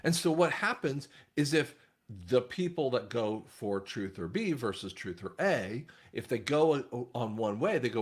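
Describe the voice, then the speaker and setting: A man talking casually to his viewers in a rambling monologue, often restarting his sentences. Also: a little slow. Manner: rambling, frequent restarts, animated swings in pitch. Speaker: online commentator.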